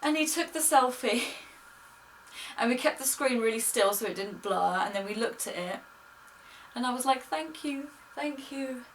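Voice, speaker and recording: In a casual vlog picked up by a distant mic with faint noise, a young woman gushes through a story, quoting people in her own voice. She's a little high and a bit bright, speaking at normal speed with long pauses.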